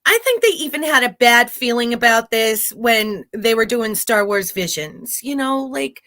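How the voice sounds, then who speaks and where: Podcast co-host, woman; slow, bright, giggly, dry close sound. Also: a little high, expressive, no room sound. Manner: giggly, emphatic. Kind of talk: casual chat.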